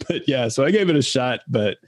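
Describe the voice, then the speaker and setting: A man co-hosting a casual chat, rambling and halting, laughing often and mimicking voices in his stories. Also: medium pitch, expressive, no room sound. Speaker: podcast co-host.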